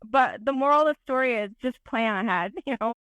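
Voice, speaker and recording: A woman photographer, a podcast guest, telling an animated, self-deprecating story in casual interview talk. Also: on the high side, brisk, clean tone, dry recording, lo-fi sound.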